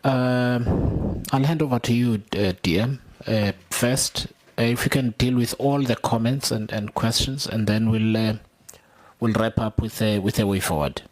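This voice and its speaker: This is a man chairing a committee meeting. He speaks at an ordinary pitch, in a halting, procedural way. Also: steady tone, a little mellow.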